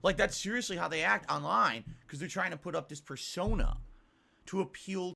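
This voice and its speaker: A man's voice: high voice, moderate pace, creaky, bright, forceful tone. A man streaming and complaining as he rambles, often restarting his sentences.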